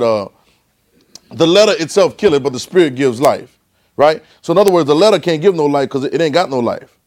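A man's voice: medium pitch, a little mellow. A male pastor preaching a sermon, leading the congregation in call-and-response and often repeating and restarting phrases.

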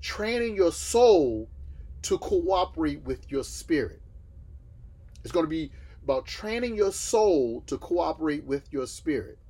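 A man's voice: a little high, very animated, unhurried, warm tone, slightly rough. A man from the States, teaching a Bible class and asking his listeners questions that he then answers himself. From Southern United States.

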